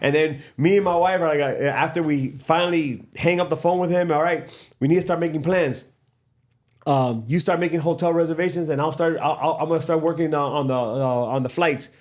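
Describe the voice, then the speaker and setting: A middle-aged man, a podcast guest and father, telling a story in a casual, animated way and acting out the dialogue. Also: fairly high pitch, brisk. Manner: animated, acts out quoted dialogue, laughs often.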